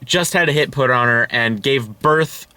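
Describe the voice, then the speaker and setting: Bright-voiced sarcastic man. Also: medium pitch, moderate pace, clear, resonant tone, dry recording. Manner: sarcastic, swearing. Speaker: co-reviewer. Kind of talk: casual chat.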